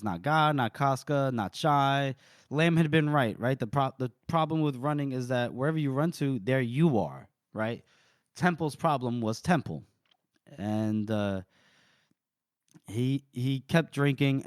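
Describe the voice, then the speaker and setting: A man co-hosting a podcast, recapping a book chapter in an animated way and laughing often. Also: medium pitch, no echo, clean studio sound. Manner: animated retelling with frequent laughs. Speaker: podcast co-host.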